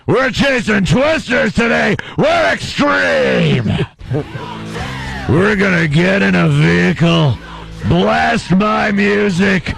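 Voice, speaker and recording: Casting: a gravelly, shouting wrestling boss, drawn-out delivery, music bed. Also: male voice, sits high, animated, exaggerated voice. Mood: bellowing. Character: bellowing brash male wrestling boss, storm chaser. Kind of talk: comedy radio bit.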